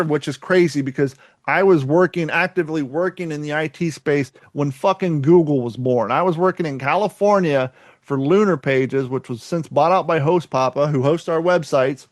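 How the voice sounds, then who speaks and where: Kentucky-raised male podcast co-host, slightly high voice, dry close mic, rambling and profane. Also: moderate pace, no echo. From Kentucky, USA. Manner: rambling, laughs often, swears casually. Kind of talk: casual podcast chat.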